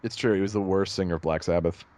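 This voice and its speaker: A man co-hosting a podcast, chatting casually in a rambling, animated way and laughing at his own jokes. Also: deep voice, quick pace. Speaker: podcast co-host. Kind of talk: casual chat.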